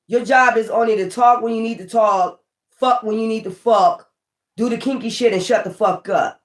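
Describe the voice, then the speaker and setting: Her fairly high voice moves at a moderate pace as she does a casual tarot reading, reasoning aloud with blunt, profane remarks. The sound echoes as if in a roomy space.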